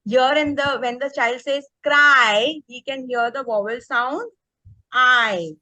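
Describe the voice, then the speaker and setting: A woman's voice: high voice, takes it slowly, pushed and bright, no echo, low-quality recording. A woman leading an online teacher workshop. She speaks with energy and keeps checking in with the group by asking "okay?". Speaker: teacher trainer. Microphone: video call.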